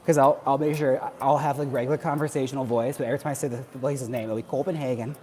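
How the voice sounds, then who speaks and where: A man's voice: mid-range voice, little pitch movement, racing, darkish tone. A man, from Wisconsin, chatting and joking casually on a livestream while doing cardio. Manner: chatty, joking, laughs often. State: working out on cardio. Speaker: livestream host. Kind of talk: casual chat while exercising.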